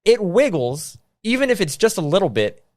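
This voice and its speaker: A man co-hosting a podcast in casual chat, animated, laughing often and restarting his sentences. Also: high-pitched, moderate pace, no room sound, studio quality. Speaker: podcast co-host. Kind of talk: casual movie-ranking chat.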